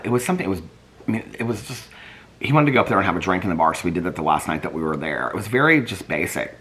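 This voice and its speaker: A man's voice: vocal fry, fairly bright tone, a little hiss or hum. A man vlogging in casual chat, reading viewer comments and thinking aloud as he looks things up. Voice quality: deep, soothing voice. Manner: chatty, rambling, thinks aloud while searching online.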